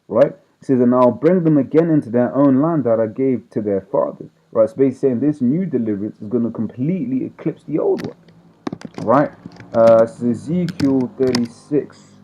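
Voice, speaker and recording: A man's voice: mid-range voice, moderate pace, dark tone, a little hiss or hum. A man teaching scripture in a loose, rambling, conversational way, constantly checking in with "right?". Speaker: street preacher. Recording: tinny phone-like audio.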